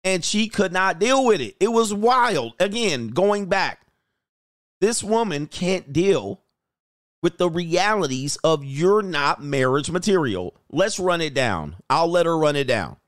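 Brief: middle-aged man, blunt dating coach, animated storyteller, dry close sound. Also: fairly high pitch, a little slow, dry recording. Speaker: dating coach reacting to clips. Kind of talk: casual commentary.

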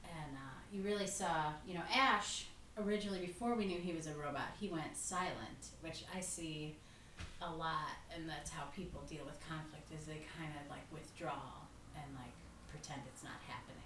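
Woman co-host, relaxed chat, lowish voice, a bit away from the mic in an echoey room. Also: moderate pace, recorded from a distance, noisy background. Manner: relaxed, frequent agreeing "mm-hmm", laughs easily. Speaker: podcast co-host. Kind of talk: casual film discussion.

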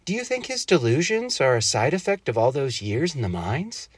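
A man's voice: wildly swooping pitch, normal speed, slightly rough, dry recording. A man reading a story aloud, voicing a curious, chatty little girl at bedtime in a raised childlike voice. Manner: raised childlike pitch, sleepy questions.

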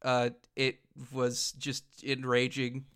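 A man in casual podcast banter, his voice bright and forward with a smooth, clean tone. He rambles through comic theories, stumbling over restarts and laughing mid-sentence. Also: mid-range voice, monotone, takes it slowly. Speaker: podcast co-host. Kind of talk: casual comedic chat.

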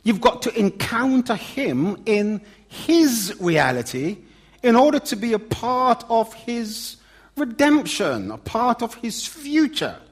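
A middle-aged man preaching a sermon, swinging from loud emphatic lines to low quiet asides. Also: very animated, slow, husky.

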